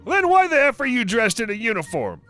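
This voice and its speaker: A man voicing a shrill, entitled, angry middle-aged woman customer who makes indignant demands. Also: huge pitch swings, brisk, a bit bright, faint music behind, heavily acted.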